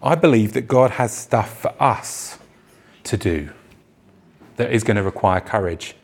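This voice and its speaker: A man's voice: fairly low pitch, expressive, a little slow, gravelly. Man preaching a conversational sermon. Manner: conversational preaching, acts out quoted voices. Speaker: pastor. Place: church.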